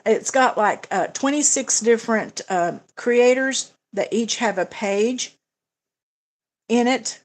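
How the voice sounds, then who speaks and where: A woman's voice: on the high side, slow pace. A woman hosting a budgeting livestream, chatting casually with viewers and answering their comments, with frequent fillers and restarts. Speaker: budgeting channel host.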